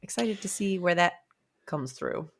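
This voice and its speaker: A woman co-hosting a casual book club podcast, retelling scenes with animated character lines. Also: lowish voice, a little slow, gravelly. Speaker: podcast co-host.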